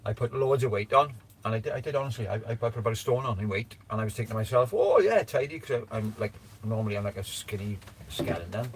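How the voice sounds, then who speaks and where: A man's voice: fairly low pitch, steady tone, quick pace, breathy edge. Man laughing and rambling on a livestream. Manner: laughing, swearing, rambling with many restarts. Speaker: livestream host. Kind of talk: casual livestream chat.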